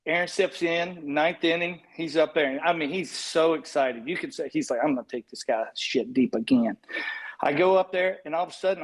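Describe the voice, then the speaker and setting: Male guest in his 50s, fairly high voice, easygoing anecdotal storyteller. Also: low-quality recording. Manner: relaxed anecdotal storytelling with laughs. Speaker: guest, retired baseball pitcher. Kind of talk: casual interview chat.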